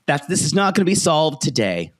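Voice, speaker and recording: A man's voice: fairly high pitch, big pitch swings, brisk. A man co-hosting a casual podcast, chatty and opinionated, who often slips into quoting other people. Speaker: podcast co-host.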